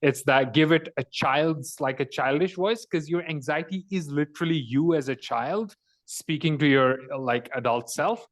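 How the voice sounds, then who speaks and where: A man's voice: on the high side, normal speed. A man on a group call, earnestly explaining a technique step by step. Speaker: call participant. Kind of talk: casual explanation.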